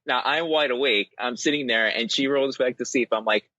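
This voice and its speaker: A man's voice: mid-range voice, normal speed, sharp tone, dry recording. A man in his thirties co-hosting a casual podcast, telling stories and laughing often. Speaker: podcast co-host. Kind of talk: casual chat. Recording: dull dry lo-fi sound.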